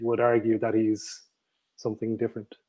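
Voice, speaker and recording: A man's voice: lowish voice, monotone, moderate pace, dark tone. A man co-hosting a quiz over a video call, giving hints and explaining the answers. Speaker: quiz co-host.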